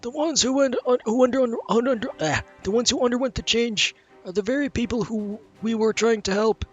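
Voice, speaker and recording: A man's voice: very high-pitched, brisk, highs cut off, soft background music. A man voicing an earnest male leader from a fantasy game, reading aloud and tripping over words.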